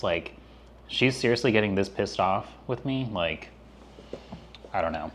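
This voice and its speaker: Low-voiced man hesitantly chatting. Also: measured pace, fairly bright tone, slight background noise. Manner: hesitant, full of um and like. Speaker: vlogger. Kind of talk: casual mukbang vlog chat.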